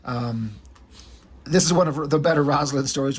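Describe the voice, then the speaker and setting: A man's voice: fairly high pitch, normal speed, pauses often, breathy edge. A man casually retelling comic strips in loose, rambling talk that slips into offhand swearing. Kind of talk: casual storytelling.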